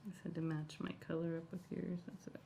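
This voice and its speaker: A woman's voice: lowish voice, level tone, fast, gravelly, mellow, slight background noise. A woman co-hosting a painting tutorial, chiming in with brief questions and friendly remarks. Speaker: co-host. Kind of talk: casual chat during a tutorial.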